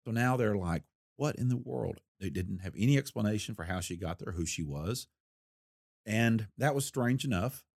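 An older man with a lowish voice tells a true-crime story from his investigating days, unhurried and folksy, with a wry edge. The sound is close and dry. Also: lively intonation, vocal fry, darkish tone, dry recording. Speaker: retired federal investigator recounting a case. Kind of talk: storytelling interview.

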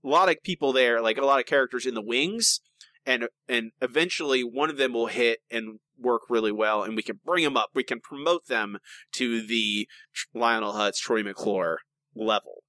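A man's voice: mid-range voice, normal speed, bright, forceful tone, no echo. A man co-hosting a podcast in casual chat, talking in an opinionated, rambling way with lots of restarts. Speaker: podcast co-host.

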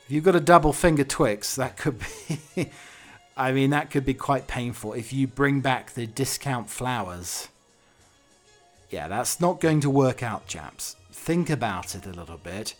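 A man's voice: medium pitch, animated, a little slow, faint music behind. A British man hosting a solo podcast, rambling cheekily and mocking himself. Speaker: podcast host.

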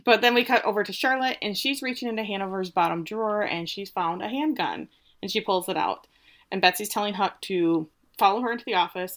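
A woman co-hosting a casual podcast, retelling a TV episode with lively quotes of the characters. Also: medium pitch. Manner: animated retelling, quoting characters with playful voices. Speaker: podcast co-host recapping a TV episode. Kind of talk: casual chat.

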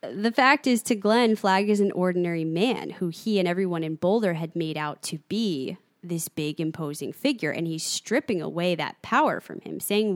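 A woman co-hosting a casual podcast discussion, reading passages aloud in an animated way. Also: on the low side, moderate pace, few pauses, no echo, clean studio sound. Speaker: podcast co-host. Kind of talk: casual book and show discussion.

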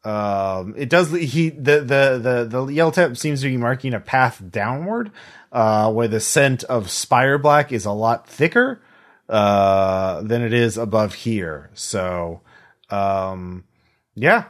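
A man's voice: medium pitch, lively intonation, slow. A man narrating as game master, rambling with many fillers and restarts.

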